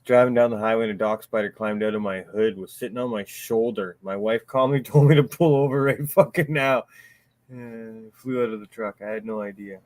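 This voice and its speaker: A man's voice: fairly low pitch, brisk, darkish tone. A man in casual chat, telling stories with a lot of swearing and laughter. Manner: profane, laughing storyteller. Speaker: podcast panelist.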